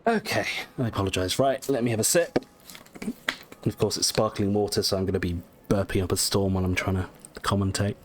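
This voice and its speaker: A man with a fairly low voice chats his way through a video game playthrough. He rambles, jokes at his own expense and trips over words, then corrects himself. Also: brisk, slight background noise. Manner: rambling, chatty, self-deprecating, stumbling over words. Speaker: gameplay commentator. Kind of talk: casual let's-play commentary.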